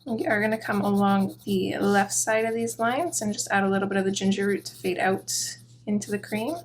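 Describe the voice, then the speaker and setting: A woman hosting a coloring tutorial, talking through each step in a relaxed, chatty way with soft, self-deprecating asides. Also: mid-range voice, brisk, a little hiss or hum.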